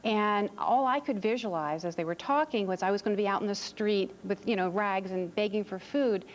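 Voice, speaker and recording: A woman's voice: mid-range voice, moderate pace, slight background noise, low-quality recording. A woman author answering interview questions on a TV show in an earnest, reassuring way, often repeating words as she thinks. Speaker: author and parenting expert guest.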